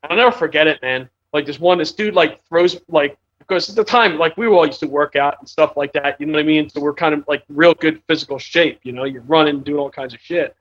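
A man's voice: on the high side, fairly quick, few pauses, fairly bright tone, muffled recording. A man telling a story in casual chat, rambling, swearing often and laughing as he talks.

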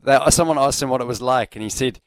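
A man co-hosting a sports radio show, reflective and quick to laugh. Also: mid-range voice, no echo, rough recording. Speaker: radio co-host. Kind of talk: casual sports radio chat.

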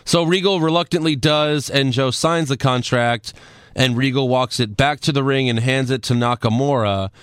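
A man's voice: medium pitch, moderate pace, clear, resonant tone, no room sound. A man talking casually with a co-host, recapping events in a laid-back, matter-of-fact voice. The sound is dry and close, with no room around it. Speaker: podcast co-host recapping wrestling. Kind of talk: casual chat.

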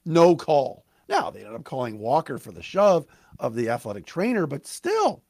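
A man hosting a sports podcast, ranting excitedly with stumbling restarts, his voice cracking. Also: a little high, no room sound. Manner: fired-up, rapid, stumbling restarts.

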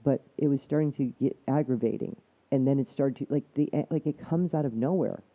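A man's voice: mid-range voice, breathy edge. A man co-hosting a podcast, talking earnestly in a casual chat and often restarting his sentences. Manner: earnest, explaining, halting restarts. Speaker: podcast co-host. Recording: tinny phone-like sound.

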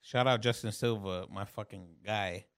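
A man's voice: on the low side, moderate pace, no room sound, clean studio sound. A man guest on a podcast in laid-back casual chat, full of slang. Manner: laid-back slang, says bro a lot.

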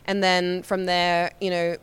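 A woman's voice: on the low side, completely flat delivery, measured pace, clear, resonant tone. A young woman with an Australian accent and a slight American twang, telling stories as an interview guest in a rambling, giggly way full of "like" fillers. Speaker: guest, professional wrestler. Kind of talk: casual storytelling.

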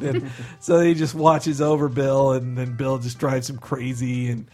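A man's voice: medium pitch, flat delivery, unhurried, dark tone, faint music behind. A man chatting casually, laughing often as he retells scenes. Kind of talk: casual podcast chat.

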